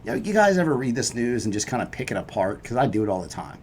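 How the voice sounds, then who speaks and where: A man's voice: mid-range voice, sing-song, fast talker, slight background noise. A man hosting a crypto trading video, walking through price charts in a chatty, upbeat, casual way. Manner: chatty and upbeat, peppered with "right?" and "you know".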